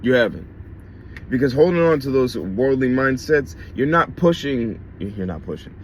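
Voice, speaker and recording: A man's voice: medium pitch, expressive, normal speed, highs cut off, slight background noise. A man preaching a casual sermon in a blunt, conversational way, with swearing and slang.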